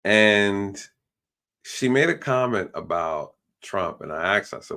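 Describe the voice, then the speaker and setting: A man's voice: lowish voice, sing-song, a little slow, a bit bright. A man hosting a live stream, talking bluntly in a ranting way and mimicking the people he quotes. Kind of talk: casual opinion talk.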